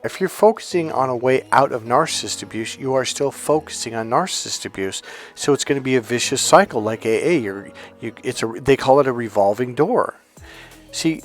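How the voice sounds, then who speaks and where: A man speaking as a life coach in a calm, soothing, unhurried self-help talk to his viewers. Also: mid-range voice. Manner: addresses viewers directly as coach.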